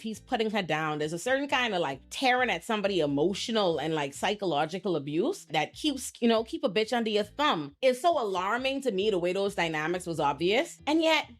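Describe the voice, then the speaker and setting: A young woman hosting a casual reality TV commentary, blunt and profane, acting out the people she quotes. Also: medium pitch. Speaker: pop culture commentator host.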